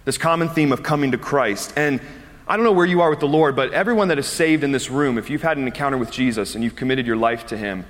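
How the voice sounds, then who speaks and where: A pastor in his thirties delivers a chatty, conversational sermon built around a personal story, laughing easily between words. His mid-range voice moves at a quick pace. A large hall gives the recording a long reverb.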